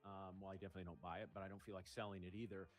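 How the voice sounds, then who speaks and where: A man co-hosting a livestream, giving measured, analytical live trading commentary while thinking aloud. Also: low voice, level tone. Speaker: day trader co-hosting a livestream.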